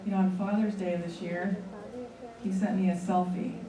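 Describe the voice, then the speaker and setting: A woman's voice: mid-range voice, little pitch movement, normal speed, crowd noise. A woman in her forties, a seminar leader, telling a candid personal story to a seminar audience and acting out the dialogue. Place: large room with an audience. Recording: echoey room from far off, audience noise. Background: audience murmur.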